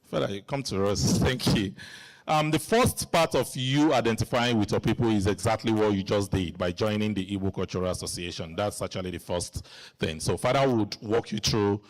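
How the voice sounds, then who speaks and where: A man's voice: fairly low pitch, moderate pace. A man hosting a live community Q and A in a hall, chatty and joking as he coaxes the audience to ask questions. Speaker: event host.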